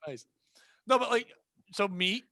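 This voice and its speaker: A man's voice: sits high, animated, unhurried, bright, forceful tone, no echo, studio quality. A man hosting a comedy podcast, chatting casually and joking with big swoops up into exclaims. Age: adult. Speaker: podcast host.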